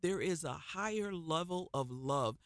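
A man's voice: on the high side, lively intonation, a little slow, fairly bright tone, no room sound, studio quality. A man co-hosting a faith broadcast, preaching with fervent emphasis and repeating phrases for effect.

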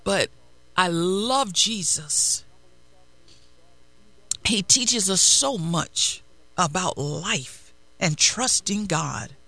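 Male preacher, slow emphatic sermon delivery with repeated phrases, high bright tone. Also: lively intonation, creaky, dry recording. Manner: prayerful asides while searching the text.

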